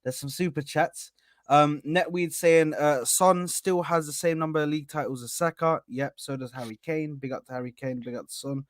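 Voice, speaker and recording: A man hosting a live football reaction panel, animated and talking over the others with lots of "bro". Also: on the high side, moderate pace, no echo, clean studio sound. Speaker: host of an Arsenal reaction stream. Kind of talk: casual live panel chat.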